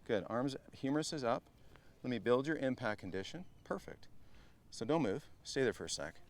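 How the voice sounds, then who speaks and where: A middle-aged man coaching a group at a live golf clinic, chatty and energetic, often turning to the group as guys. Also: medium pitch, normal speed. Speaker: golf instructor.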